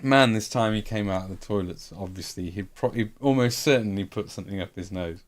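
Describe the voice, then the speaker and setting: A man's voice: fairly low pitch, fairly quick. Rambling, sweary man. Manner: rambling, swearing, lots of fillers. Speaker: streamer. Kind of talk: casual storytelling.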